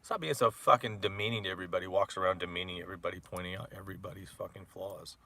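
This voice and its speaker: A man's voice: sits low, fairly even intonation, racing, gravelly, bright, forceful tone. A man in his forties ranting about his ex-wife with profane, mocking, heated talk full of filler words. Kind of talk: rambling personal rant.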